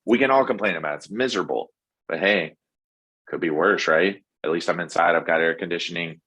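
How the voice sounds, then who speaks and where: A man's voice: sits low, a little fast, pushed and bright, breathy edge. A man talking as a podcast guest in a casual, rambling, enthusiastic way, with lots of fillers. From Texas. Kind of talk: casual interview chat.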